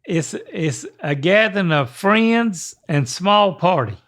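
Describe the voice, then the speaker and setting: An older man, co-hosting a podcast in a rambling, folksy way with halting restarts. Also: high-pitched, animated, a bit bright. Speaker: podcast co-host. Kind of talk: casual podcast chat.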